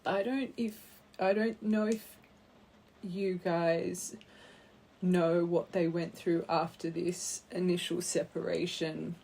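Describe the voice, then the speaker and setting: A woman giving a tarot card reading to her viewers, speaking gently and heartfelt and calling her listeners her angels. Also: on the low side, little pitch movement, slow, vocal fry, slight background noise. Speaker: tarot reader.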